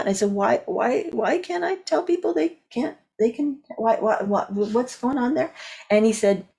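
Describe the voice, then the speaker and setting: Lively woman telling a story. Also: fairly high pitch, normal speed, vocal fry. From California. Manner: lively storyteller, acts out quoted dialogue. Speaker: guest speaker and coach. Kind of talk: animated storytelling in conversation.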